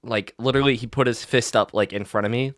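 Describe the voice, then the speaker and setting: A man's voice: mid-range voice, fairly even intonation, fast talker, fairly bright tone, no room sound, clean studio sound. A young man co-hosting a podcast, telling a story in casual chat with lots of fillers and restarts. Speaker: podcast co-host.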